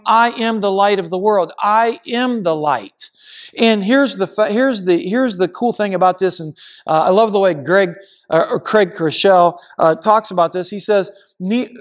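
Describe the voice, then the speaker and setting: A man pastor preaching a sermon in a church, earnest and emphatic, repeating phrases for stress. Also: high voice. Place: church sanctuary.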